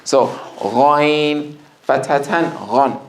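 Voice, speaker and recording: A man teaching a Quran reading class, drawing out letter sounds slowly and then asking the students quick questions. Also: fairly high pitch, steady tone, slight background noise. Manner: slow drawn-out letter drills, quick classroom asides. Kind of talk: classroom lesson with drills.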